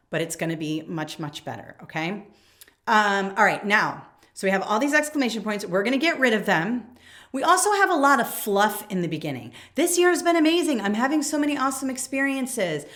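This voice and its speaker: A woman's voice: medium pitch, fairly bright tone. A woman in her forties coaching teachers on email habits, talking straight to camera in a direct, emphatic way and reading sample emails aloud. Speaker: education coach. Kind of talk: instructional talk to camera.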